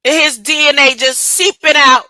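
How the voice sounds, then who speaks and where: A woman preaches an informal sermon in an emphatic, colloquial way, firing off rhetorical questions. Her voice is high and bright. The sound is dry and close. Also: steady tone, a little slow, no room sound, rough recording.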